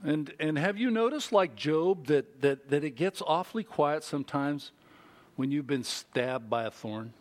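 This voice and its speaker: A middle-aged man preaching a sermon as pastor, animated and full of rhetorical questions to the congregation. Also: on the high side, measured pace.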